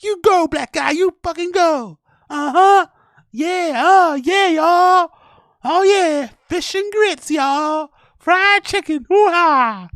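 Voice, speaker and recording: A man doing a shrill, squeaky falsetto voice for a mocking caricature of a man, jeering in short bursts. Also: slow pace, a bit bright, dry recording, studio quality, exaggerated voice.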